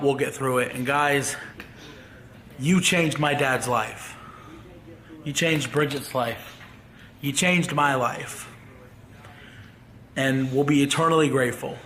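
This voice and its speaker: A grieving man talking to his viewers in a halting, heartfelt farewell vlog. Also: medium pitch, a bit bright, slight background noise. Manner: halting, grief-stricken. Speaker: vlogger.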